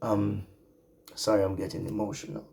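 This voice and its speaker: A man from the Caribbean islands preaching an online sermon, slow and drawn out, repeating his phrases. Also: fairly low pitch, flat delivery, gravelly, darkish tone.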